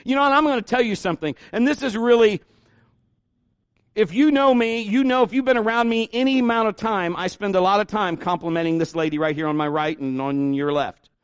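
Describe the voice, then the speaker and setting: A man's voice: high-pitched, fairly quick, clear, resonant tone, dry recording. A male pastor preaching a sermon in church, in a plainspoken, conversational way with folksy asides.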